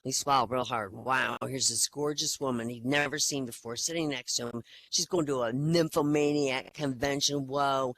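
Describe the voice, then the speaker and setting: A woman's voice: very deep voice, fairly even intonation, normal speed, hardly any pauses, a bit bright, a little hiss or hum, low-quality recording. A woman hosting a casual online comedy night, telling jokes in a chatty, rambling way with hesitant fillers. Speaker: comedy open-mic host. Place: online virtual-world voice chat.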